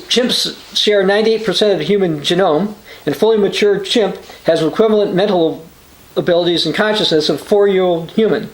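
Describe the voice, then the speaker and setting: In an echoey space, a high-voiced man who hosts a religious news channel delivers a short sermon, reading news and scripture. He reads quotations aloud with frequent uh's and restarts.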